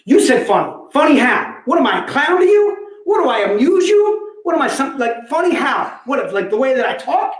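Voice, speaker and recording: A man's voice: very high-pitched, sing-song, brisk, few pauses, reverberant, voice pushed up. A man in his fifties voicing a volatile middle-aged gangster who keeps firing menacing questions back.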